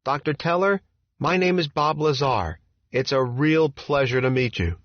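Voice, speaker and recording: A man's voice: on the high side, expressive, measured pace, no echo, pitched above the performer's own voice. A man voicing a polite young man who introduces himself plainly. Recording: dull, dry audiobook recording.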